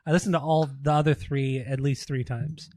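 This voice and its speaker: A man's voice: medium pitch, fairly even intonation, normal speed, warm tone. A man co-hosting a podcast, chatting casually, teasing his co-host and swearing often. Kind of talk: casual chat.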